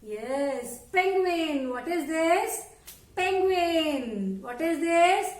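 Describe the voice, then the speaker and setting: A high-voiced woman with an Indian English accent teaches young children in a slow, exaggerated, sing-song storytelling way. Her voice rings in an echoey room. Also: lively intonation. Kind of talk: online class lesson for young children.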